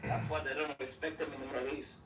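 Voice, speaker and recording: A man's voice: medium pitch, fairly even intonation, fast, a bit bright, faint music behind. A man talking casually in a blunt, heated, profane manner. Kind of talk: casual talk. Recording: echoey, distant mic, faint noise.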